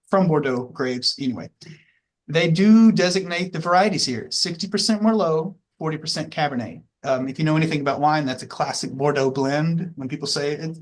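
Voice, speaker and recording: A man teaching a class, walking through the details in a casual, rambling way with many fillers and restarts. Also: on the high side. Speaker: instructor. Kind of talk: classroom lecture.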